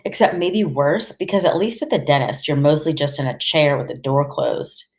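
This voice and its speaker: Low-voiced woman narrating an audiobook. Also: lively intonation, normal speed. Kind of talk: first-person audiobook narration.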